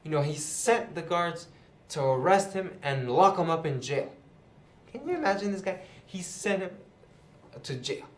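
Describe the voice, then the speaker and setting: This casual Bible lesson to camera comes from a young man, a channel host and youth Bible teacher, chatting his way through a parable while sitting indoors and leaning on fillers such as "you know" and "right." He speaks a little slowly in a high-pitched, lively voice. An echoey room colors the recording.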